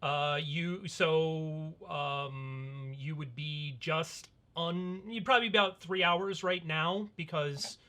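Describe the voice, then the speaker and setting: A game master running a livestreamed tabletop game, talking slowly with many hesitations. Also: medium pitch, steady tone, bright, forceful tone. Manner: slow, hesitant, many fillers.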